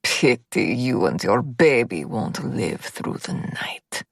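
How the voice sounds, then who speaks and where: A woman voicing a cold, cruel male gunman with a deep voice and a heavy Russian accent, speaking slowly and leeringly. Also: sing-song, creaky, breathy edge, dry recording, studio quality, full character voice. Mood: menacing.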